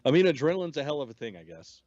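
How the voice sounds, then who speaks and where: A man co-hosting a casual review podcast, his mid-pitched voice moving lively up and down. He swears casually and chimes in often. The audio is dry and a bit muffled. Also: rapid-fire, no room sound. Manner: laid-back, profane, agreeing. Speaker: podcast co-host.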